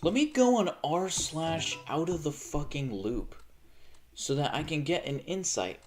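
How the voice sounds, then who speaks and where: A man commentating his own live game stream, his pitch swinging widely as he curses. He drops into low, self-critical mutters, then flares into panicky outbursts. Faint keyboard clicking runs underneath. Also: expressive, unhurried, darkish tone, a little hiss or hum.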